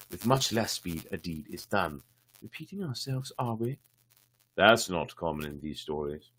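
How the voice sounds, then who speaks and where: A man reads a fairy tale aloud for a livestream, stopping now and then for dry, irreverent comments. His voice is low and husky. His pitch moves lively up and down. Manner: wry, irreverent asides between passages. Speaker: storyteller.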